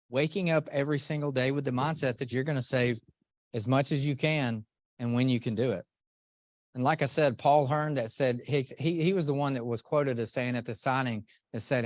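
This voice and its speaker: A middle-aged man giving an earnest, animated motivational talk to a live group, often asking the audience questions. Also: medium pitch, no echo, clean studio sound. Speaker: motivational speaker.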